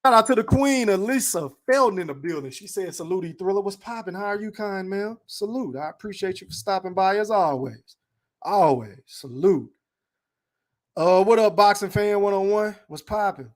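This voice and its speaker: A man's voice: sits high, normal speed. A man hosting a live podcast stream in a laid-back, slangy, profane way, greeting chat names and talking boxing.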